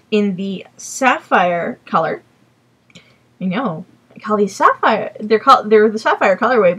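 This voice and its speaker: A woman with a slightly husky, mid-pitched voice chats casually as a podcast host, speaking into a computer mic at home. She rambles and drifts between points, breaking off now and then to apologize. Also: pushed and bright. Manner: chatty, rambling, apologetic asides. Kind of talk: casual chat.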